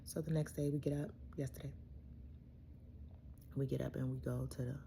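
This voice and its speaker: A woman caregiver telling a family story to her phone camera in a chatty, animated way, dropping into soft asides. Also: a bass voice, normal speed, creaky, slight background noise.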